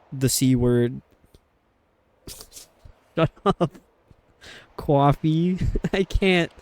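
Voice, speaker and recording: A man's voice: a little high, a little mellow, smooth, no room sound. A man from New York with a New York accent, chatting and rambling casually while streaming a game. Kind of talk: casual chat while gaming.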